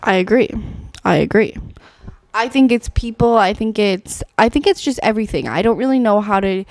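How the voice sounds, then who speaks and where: A woman's voice: medium pitch, normal speed, dry recording. A young woman co-hosting a casual podcast, chatty and teasing, recorded indoors on camera. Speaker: podcast co-host. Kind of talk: casual chat. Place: indoor room, filmed on camera.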